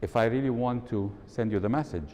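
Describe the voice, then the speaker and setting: At a fairly quick clip, a workshop speaker with a darkish voice quizzes his audience and shows off different tones of voice during a live talk in an event hall. A long hall reverb and faint rumble sit under the audio.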